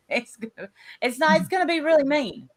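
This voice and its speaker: A woman's voice: sits high, lively intonation, normal speed. Southern-accented woman from Tennessee, blunt casual co-host talk. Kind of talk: casual chat.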